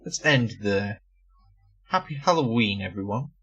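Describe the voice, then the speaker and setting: A man's voice: fairly low pitch, lively intonation, unhurried, a bit bright, breathy edge, dull audio, faint music behind. A young man co-hosting a casual podcast, telling stories with plenty of swearing and laughter. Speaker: podcast co-host. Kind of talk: casual chat.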